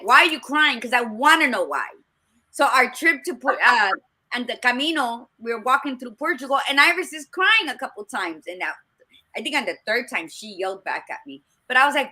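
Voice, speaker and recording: Woman, podcast co-host, bright forceful voice, a bit high, blunt candid storyteller. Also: animated, moderate pace. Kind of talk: casual chat.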